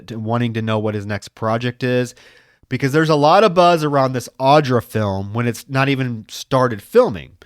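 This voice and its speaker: Man, mid pitch, casual plot recap for a film podcast, dry close sound. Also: dry recording. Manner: retells plot scenes with many fillers. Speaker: podcast panelist.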